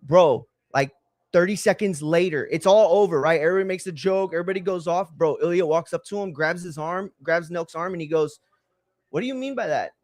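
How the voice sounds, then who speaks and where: A man hosting a live watch-along stream tells rambling, slangy stories in casual chat, saying "bro" a lot. His voice is high-pitched and darkish, with fairly even intonation and a brisk pace, and there's no echo.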